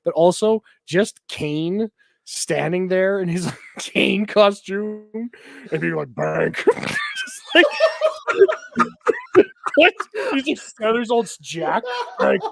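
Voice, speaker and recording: A man from Canada co-hosting a casual wrestling chat, telling animated stories and laughing between lines. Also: high voice, slow pace, creaky, a little hiss or hum. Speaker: co-host.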